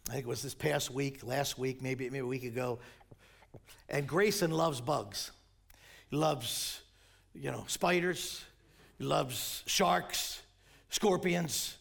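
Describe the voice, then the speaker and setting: An older man preaching a sermon as pastor, telling stories and quoting scripture, sometimes rising to shouts. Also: medium pitch, slow, vocal fry, long pauses.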